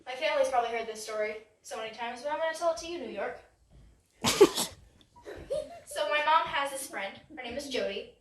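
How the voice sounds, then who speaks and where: A young woman doing a chatty, self-mocking stand-up comedy set, acting out quick voices. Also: high voice, roomy sound, far from the mic, background noise. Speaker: stand-up comic. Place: stage before a live audience.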